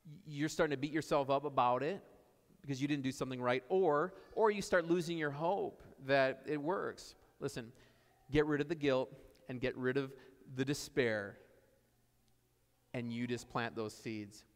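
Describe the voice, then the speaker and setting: A man with a medium-pitched voice preaches a sermon at a normal speed in a church sanctuary. He tells stories conversationally and keeps repeating his key phrases, and the recording carries a long church reverb.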